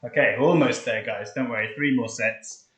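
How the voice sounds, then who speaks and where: A young man coaches a live push-up workout from a hot flat, chatting loosely between sets and counting reps aloud. He sounds out of breath, and his voice of middling pitch rings in an echoey room. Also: moderate pace. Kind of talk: casual live-stream workout instruction.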